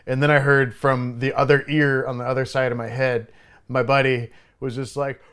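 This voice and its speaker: A young adult man speaks in a casual, storytelling way. He swears freely and gets loud and animated when he acts out his own lines. His voice sits in an ordinary middle range. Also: medium pitch, normal speed, smooth. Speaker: bartender.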